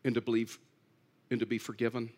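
A man's voice: mid-range voice, completely flat delivery, quick pace, a little mellow. A man preaching a sermon in an earnest way, repeating key phrases and rising to emphatic pleas. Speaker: pastor.

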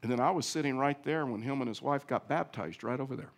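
A middle-aged male pastor preaching a sermon, telling a story with big swings between loud and soft. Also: mid-range voice, fast talker, vocal fry.

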